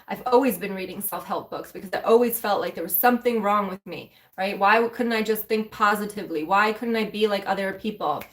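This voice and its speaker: Candid woman telling her story live. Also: mid-range voice. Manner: candid and emotional, speaking directly to viewers; loose and conversational with restarts. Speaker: mentor and spiritual coach for women. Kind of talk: live-stream personal story talk.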